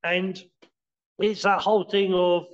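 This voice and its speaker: Halting high-voiced man, lo-fi. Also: little pitch movement. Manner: halting, many restarts and "you know"s; explains by acting out scenes. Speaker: martial arts teacher, podcast guest. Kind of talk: casual podcast interview.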